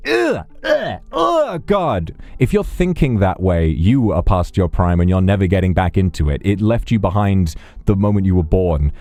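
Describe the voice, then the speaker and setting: A man's voice: deep voice, lively intonation, normal speed, hardly any pauses, dark tone, dry recording. A man chatting casually on a livestream, rambling and wry, often breaking off mid-sentence. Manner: rambling, self-interrupting, wry. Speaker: streamer.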